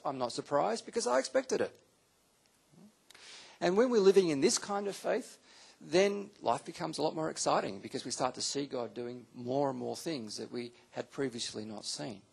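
A man with a gravelly, slightly husky voice teaches a Bible class to a live audience. He delivers it as an animated sermon and acts out quotes with sudden jumps in pitch.

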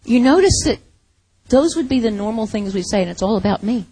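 A woman preaching a sermon, slow and dramatic, swinging from loud to whispered. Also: fairly high pitch, animated, husky, no room sound.

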